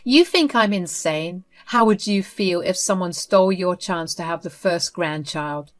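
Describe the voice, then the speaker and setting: A woman's voice: on the low side, a little slow, close to an everyday voice. A woman voicing an unhinged, possessive sister-in-law who speaks in a defiant, dismissive way.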